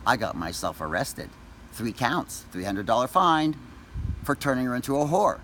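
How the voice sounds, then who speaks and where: A man ranting angrily to camera, profane and accusatory, shouting at times. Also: mid-range voice, big pitch swings, moderate pace, a little hiss or hum. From Canada. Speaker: vlogger. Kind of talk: angry direct-to-camera rant.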